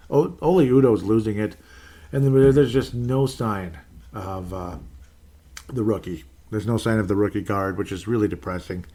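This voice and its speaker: An exasperated man talks sports on his own show, rambling from one complaint to the next. His voice sits fairly low, and he breaks into sarcastic mock-cheer before sinking back into grumbling. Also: a little mellow. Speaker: sports podcast host. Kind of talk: ranting solo commentary.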